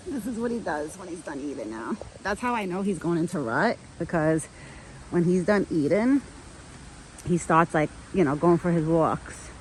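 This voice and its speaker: A woman's voice: on the low side, expressive, unhurried, darkish tone, slight background noise, poor audio. A woman talking casually to the camera outdoors in a yard, chatty and full of "like" fillers. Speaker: vlogger who cares for a pet deer. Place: outdoors in a yard near a street.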